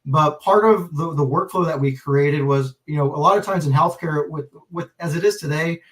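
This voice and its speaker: Guy on a podcast telling a story, kinda high voice, acts out the dialogue, sounds a bit off mic. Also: normal speed, far from the mic. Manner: animated storyteller, acts out quoted dialogue, many restarts. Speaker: pharmacist and healthcare executive guest.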